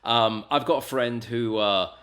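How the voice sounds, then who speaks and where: A man from Essex with an English accent, a radio presenter chatting casually as an interview guest, animated and full of quick asides. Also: mid-range voice. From England (Essex). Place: home in the US, remote call.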